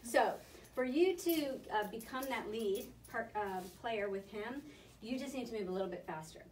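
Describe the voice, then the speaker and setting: A woman's voice: fairly high pitch, expressive. Woman coaching a dog lesson, echoey. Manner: brisk, encouraging instruction. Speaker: dog trainer. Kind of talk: hands-on coaching. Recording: echoey room, mic at a distance.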